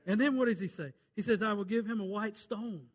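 A male pastor delivers a fervent sermon in a high, bright voice. He quotes scripture and tells jokes, his delivery swinging from loud urgent calls to hushed, pleading lows. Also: brisk.

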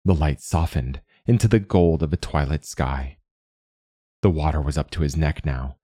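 A man narrating a fantasy story in a steady, even reading. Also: a bass voice, normal speed, slightly rough, dry recording, clean studio sound.

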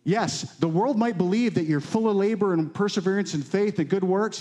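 A man preaching a sermon with fervent emphasis, climbing high on key lines and dropping low and quiet on others. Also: lively intonation, a little fast. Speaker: pastor.

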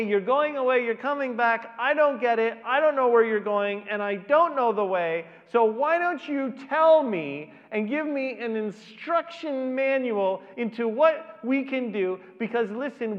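A fretful, exasperated disciple pleads in a high, strained voice, as a male preacher puts him on. The words echo with a long tail around a large hall. The sound is muffled and dull. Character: anxious male disciple begging for directions.

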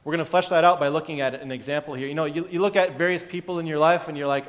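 A man's voice: fairly high pitch, fast, hardly any pauses, long reverb tail. A male pastor giving a conversational sermon, often restarting his sentences and chuckling. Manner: conversational, self-interrupting, chuckling.

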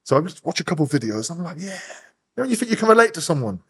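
Podcast guest, English male, quick animated storyteller, a touch high-pitched. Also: creaky, slightly rough. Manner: swears constantly, rapid animated storytelling, acts out voices. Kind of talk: casual storytelling interview.

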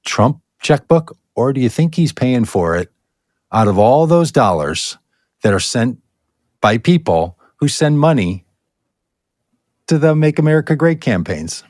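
A man's voice: mid-range voice, very animated, normal speed, darkish tone, no echo, studio quality. A man co-hosting a political talk show, ranting sarcastically to his co-host. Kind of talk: political commentary chat.

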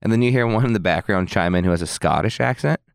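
A man co-hosting a casual podcast chat, recapping with animated storytelling. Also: fairly low pitch, quick pace, creaky, no echo, studio quality. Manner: animated storytelling with acted quotes. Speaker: podcast co-host.

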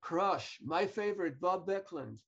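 A husky man from Israel co-hosts a casual wrestling podcast, his pitch moving a lot. He stammers now and then and slips in dry jokes. His mic sounds dull and lo-fi. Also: animated, unhurried, fairly bright tone. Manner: hesitant, stammering, dry quips. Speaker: podcast co-host. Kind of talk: casual wrestling review chat.

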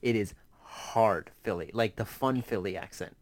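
A man's voice: lowish voice, measured pace, no echo. A young man co-hosting a podcast, teasing and dry in casual chat. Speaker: podcast co-host.

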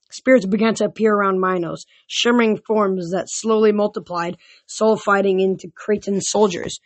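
A woman reads a novel aloud in a mid-pitched voice. She stumbles now and then and goes back to restart words. The reading is informal rather than polished. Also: steady tone, moderate pace, hardly any pauses. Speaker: reader.

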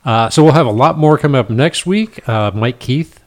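A man hosting a radio show, giving a steady, plain wrap-up of what is coming next. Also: medium pitch, normal speed.

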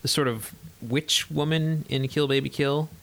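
A man's voice: on the high side, steady tone, measured pace, creaky, a bit bright. A man co-hosting a podcast, talking through films in a rambling way with lots of fillers. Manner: rambling, filler-heavy, laughs often. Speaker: podcast co-host. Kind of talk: casual film discussion.

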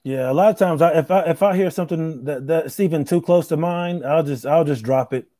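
A man's voice: on the high side, fairly quick, warm tone, no room sound, clean studio sound. A man who is a stand-up comic, chatting casually in a laid-back way, repeating himself and trailing off with "man". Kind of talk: casual podcast chat.

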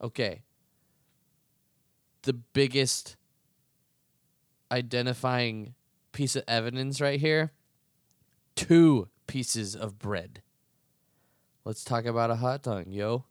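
A man's voice: medium pitch, slow, pauses often, smooth, dry recording, clean studio sound. A young man hosting a podcast, arguing heatedly and profanely in a casual ranting monologue. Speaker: podcast host.

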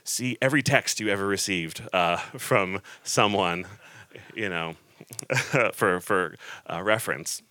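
A man preaching a casual, joking sermon to a laughing audience, reading scripture aloud with animated storytelling. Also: sits low, takes it slowly, dry recording.

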